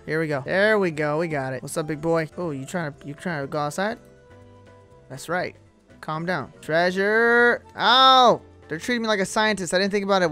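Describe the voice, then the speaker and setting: Excitable man joking through gameplay. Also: fairly high pitch. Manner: joking and excitable, with sudden yelps and slangy banter. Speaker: gaming video host. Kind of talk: casual gameplay commentary.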